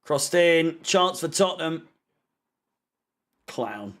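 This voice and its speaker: A high, bright-toned man commenting on a football match as it plays out live. He drawls his remarks slowly, heavy with sarcasm and swearing, and bursts out in frustration at the players. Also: animated. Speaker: fan channel host watching a match.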